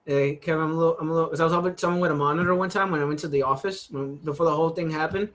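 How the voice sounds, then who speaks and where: A man from New York hosting a casual interview, telling lively work stories, acting out his coworkers' lines and laughing often. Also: fairly high pitch, very fast. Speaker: host.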